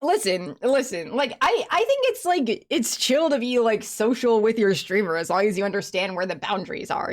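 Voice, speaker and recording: A woman's voice: fairly high pitch, darkish tone. A young woman streamer chatting casually with viewers, rambling with many fillers and restarts, and laughing in a sniffly way that sounds close to tears.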